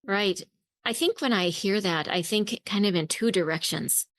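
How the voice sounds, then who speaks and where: A woman's voice: mid-range voice, normal speed, fairly bright tone, no echo. A woman hosting a parenting podcast interview, affirming her guest and summing up her points for listening parents. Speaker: podcast host.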